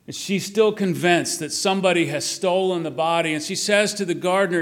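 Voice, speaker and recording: A male preacher with a somewhat high voice delivers an Easter sermon. He leans on repeated phrases and lets his lines drop to a hush. He sounds middle-aged. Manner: slow, emphatic repetition with dropping, quiet endings.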